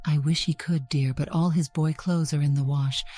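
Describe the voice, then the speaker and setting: A doting, manipulative mother from a read-aloud story , voiced by a woman talks in a sweet, sing-song coax. The voice sits a little higher than the reader's very deep, dark, husky tone. Soft music plays underneath. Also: fairly even intonation, normal speed.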